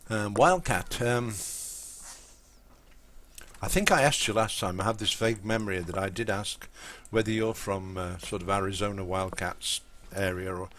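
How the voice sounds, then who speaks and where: A man's voice: fairly low pitch, moderate pace, a bit bright, slight background noise. A man from England with an English accent, rambling casually to his chat while streaming a life-sim game. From Lincolnshire, England. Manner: rambling, chatty, talks to viewers in chat. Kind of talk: casual live-stream commentary.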